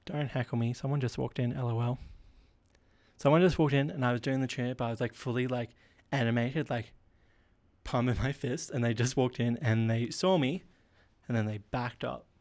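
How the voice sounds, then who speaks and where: A man's voice: mid-range voice, moderate pace, darkish tone. A man hosting a casual solo podcast, rambling, giggling and running himself down. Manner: rambling, giggly and self-deprecating.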